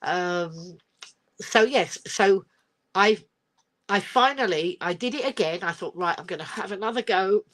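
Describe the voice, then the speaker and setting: Chatting on a live stream from her phone, an older woman from England rambles, giggles and reads viewer comments aloud. Her voice is medium-pitched and a bit bright, and her delivery is a little slow. The sound is captured by the phone camera.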